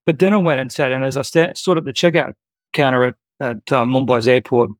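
A man's voice: medium pitch, fairly even intonation, fairly quick, no echo. A man, a guest earnestly telling a personal story in a conversational way with many fillers. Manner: earnest, heartfelt, with frequent fillers.

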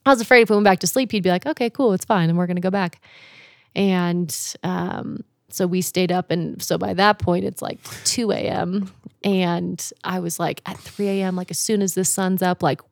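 A woman's voice: fairly low pitch, normal speed, vocal fry, no room sound, clean studio sound. Laughing, swearing woman telling a story. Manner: animated, laughs often, swears casually. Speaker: guest telling a camping story. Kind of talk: casual storytelling.

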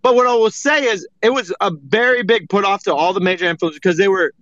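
A man's voice: high voice, fast talker, fairly bright tone, dry recording. A man co-hosting an online audio chat, ranting in a profane, exasperated way over a dull lo-fi stream. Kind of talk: heated casual chat.

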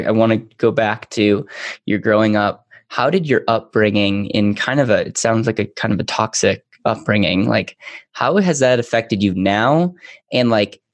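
A man hosting an interview, asking curious questions with halting restarts. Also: on the low side, dry recording. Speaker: podcast interviewer.

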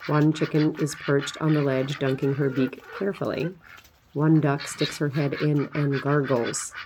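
A woman farmer narrating a personal essay in an unhurried, reflective reading. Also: low-pitched, darkish tone.

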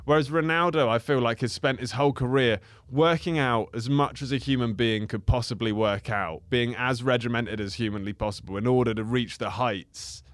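A man's voice: medium pitch, dry recording. A man, a comedian guest in a casual, rambling, jokey podcast chat. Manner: rambling, jokey, quick asides.

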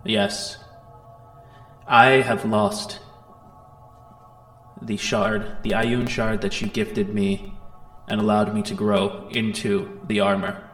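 A man's voice: fairly low pitch, level tone, takes it slowly, long pauses, a bit bright, reverberant, soft background music. A man voicing a grave, formal armored knight recounting his tale in a tabletop game. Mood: solemn. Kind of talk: tabletop role-play voicing.

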